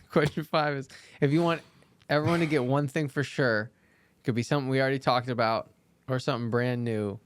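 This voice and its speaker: A man's voice: medium pitch, fairly even intonation, brisk, slight background noise. A man hosting a casual podcast interview, playful and teasing, who laughs often. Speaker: podcast host.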